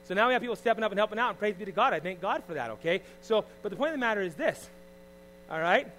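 High-pitched middle-aged pastor preaching, loud bits then soft asides, little mains hum behind. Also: male voice, animated, rapid-fire. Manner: preachy, swings from loud emphasis to quiet asides. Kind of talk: sermon.

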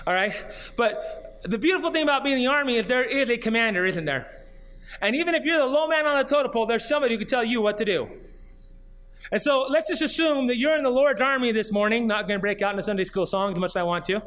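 A man's voice: very high-pitched, quick pace, fairly bright tone. A man, a pastor, preaching a sermon in an earnest way, reading scripture aloud and pressing his points with repeated questions. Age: adult, grew up and did junior high marching band.

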